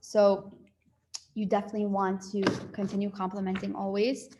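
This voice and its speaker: A woman's voice: mid-range voice, completely flat delivery, normal speed, noisy background. A young woman giving a casual relationship talk to a live and online audience. She chats along with plenty of "like" and "you know" and acts out little quoted exchanges.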